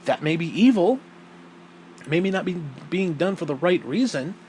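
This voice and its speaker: A man hosting his own podcast delivers a casual opinion monologue, blunt and profane with emphatic swearing, and his voice climbs when he gets indignant. His pitch is fairly high at a normal speed, and the rough recording has slight background noise.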